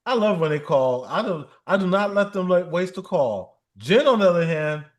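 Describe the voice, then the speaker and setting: A man with a high voice chats casually on a livestream. He tells jokey stories, mimics callers and laughs often. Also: expressive, moderate pace. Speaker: livestream co-host. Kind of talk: casual chat.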